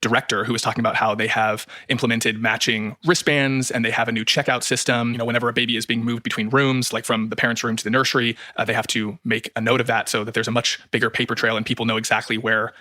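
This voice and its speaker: A man hosting a true-crime podcast, narrating in a brisk, scripted way. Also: mid-range voice, little pitch movement, bright, forceful tone, no echo, studio quality.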